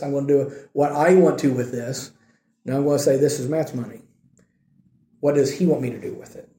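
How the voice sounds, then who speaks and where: Echoey, mellow-voiced preacher man. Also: a little high. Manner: conversational teaching, checks in with frequent "okay?". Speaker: pastor. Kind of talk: sermon. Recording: echoey room.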